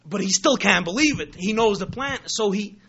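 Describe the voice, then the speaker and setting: A man preaching, telling a story in a sermon with animated, dramatic delivery. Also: sits high, normal speed, gravelly, breathy edge. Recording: dull lo-fi recording.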